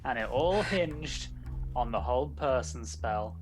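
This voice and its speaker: A man recalls a fight in casual chat, stumbling and restarting his sentences. His voice sits at an ordinary pitch. Music is clearly heard behind him. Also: lively intonation, slow. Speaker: player.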